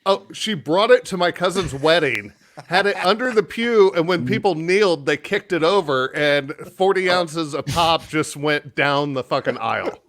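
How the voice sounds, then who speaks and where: A man's voice: a little high, moderate pace. A man co-hosting a podcast, telling a rambling story in casual chat and swearing freely. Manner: animated storyteller, swears, shouts mock-outraged quotes. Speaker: podcast co-host.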